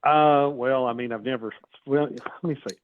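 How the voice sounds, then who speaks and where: A man's voice: normal speed, slight background noise. A man guest telling a story over a phone call, quoting people in a raised voice. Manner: animated storyteller, acts out quotes in a high voice. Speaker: author guest. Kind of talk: casual storytelling. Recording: tinny phone line.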